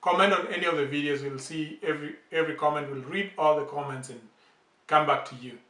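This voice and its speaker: A man hosting a language channel, patiently explaining words with slow, repeated examples. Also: fairly high pitch, steady tone, bright, forceful tone. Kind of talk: casual language lesson. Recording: roomy echo, distant from the mic.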